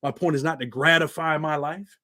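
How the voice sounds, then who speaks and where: A middle-aged man talks straight to his viewers in a blunt, streetwise manner, with a voice that sits a little high for a man. He swears freely and keeps it loose and conversational. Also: steady tone, brisk, bright, forceful tone. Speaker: YouTube channel host. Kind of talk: casual monologue to viewers.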